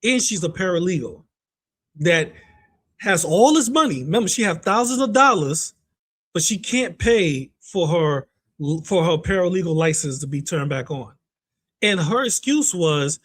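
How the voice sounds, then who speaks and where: Man, high voice, drama commentary host, mocking, animated. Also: measured pace. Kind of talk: reaction commentary on online drama.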